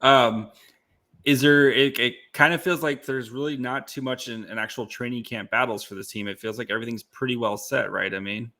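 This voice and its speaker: A man hosting a sports podcast, relaxed and chatty, asking questions with easy laughter. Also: mid-range voice, fairly quick. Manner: relaxed, many fillers and restarts, easy laughter. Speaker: podcast host. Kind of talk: casual sports podcast chat.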